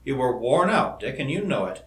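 A man reading the part of a calm, cautious male scientist in an audiobook, in a roomy-sounding recording. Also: mid-range voice. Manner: measured and cautious. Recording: roomy echo.

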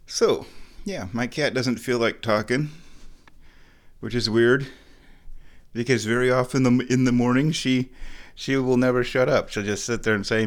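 A man hosting his own show from home, rambling casually as he walks between rooms and talks to his cat in a high baby voice. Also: fairly even intonation, moderate pace, pauses often. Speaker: podcast host.

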